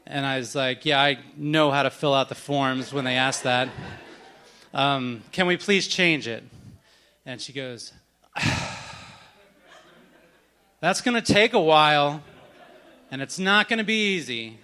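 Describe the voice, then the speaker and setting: A man's voice: mid-range voice, a little slow, long pauses, bright, forceful tone, clear, resonant tone. A man in his thirties telling a wry, self-deprecating story on stage at a live event, acting out the other people in it.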